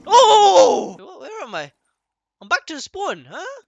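Young man, excitable game commentary, high-pitched, swoops up and down a lot. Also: moderate pace. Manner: loud, excitable, repeats phrases. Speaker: gaming streamer.

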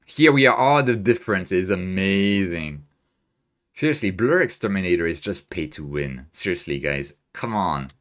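A man chatting casually through a live stream as he edits images, excitable and quick to laugh, with a hard-to-place non-native accent and frequent restarts. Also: sits low. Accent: hard-to-place, non-native English. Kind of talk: casual live-stream commentary while editing.

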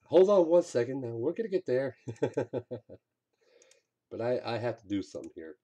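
A man's voice: medium pitch, very animated, moderate pace, warm tone. A man streaming a game, commenting live with frustrated outbursts and swearing.

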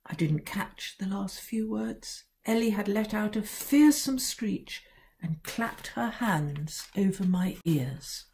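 Lady reading a kids' storybook, slow, mellow, sly little pauses. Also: mid-range voice, sing-song. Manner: wry, sly first-person storytelling with dramatic pauses. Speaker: children's book author reading her own book.

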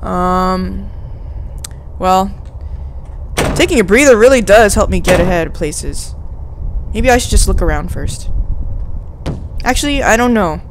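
A young woman talks her way through a game in an unhurried, rambling way, muttering to herself and quickly startled. Her pitch swings widely from low mumbles to high exclamations. A faint hiss sits under the recording. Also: animated. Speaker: let's play host. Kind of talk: casual gameplay commentary.

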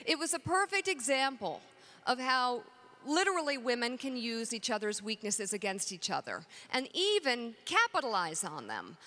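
A woman's voice: a little high, sharp tone. A middle-aged woman, a talk show co-host and author, talking candidly and with self-deprecating humor on a conference stage.

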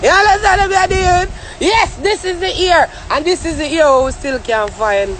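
Loud, swearing Jamaican man ranting. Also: very high-pitched, moderate pace, a little hiss or hum. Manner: loud, swearing, animated rant with frequent asides to the listener. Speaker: vlogger. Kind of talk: ranting year-in-review vlog in patois.

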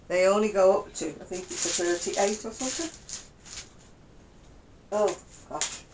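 A woman's voice: on the low side, background noise. An older woman chatting casually about her knitting in a rambling, self-deprecating way. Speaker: craft vlogger. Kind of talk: casual knitting chat to camera.

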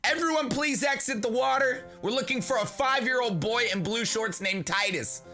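A man reads out a calm lifeguard's announcement in a flat, public-address way. The voice stays bright and clear. It plays as a quick bit in a comedy video. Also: extremely high pitch, soft background music, voice pushed up, exaggerated voice. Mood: announcing.

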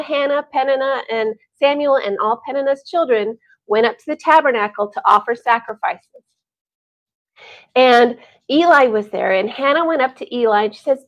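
Animated woman telling a Bible story. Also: a little high, normal speed. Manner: animated, chatty, with sighs and laughs. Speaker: Bible teacher. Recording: dull lo-fi recording.

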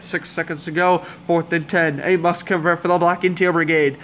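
A young man calling a football game as a fan commentator, hoarse and under the weather, with sarcastic, exasperated asides. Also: a little high, level tone, moderate pace, few pauses, a bit bright, a little hiss or hum. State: hoarse, voice giving out. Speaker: amateur play-by-play commentator.

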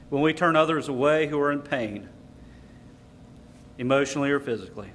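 A man delivers a sermon in a slightly high voice. He speaks emphatically, quoting scripture and turning to the congregation with rhetorical questions. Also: brisk, pauses often, a bit bright, a little hiss or hum. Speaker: preacher. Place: lecture hall.

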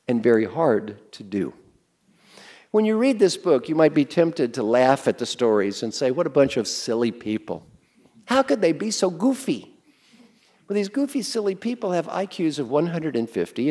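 A man's voice: a little high, darkish tone. A man giving an interactive, joking business lecture to a class, quizzing the audience and giving them exercises. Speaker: business speaker teaching a class.

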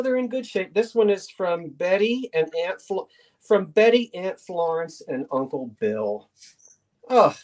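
A man's voice: a little high, darkish tone. Middle-aged male auctioneer, chatty, playful, reminiscing between lots. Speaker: auction host. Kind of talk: live online sale chat.

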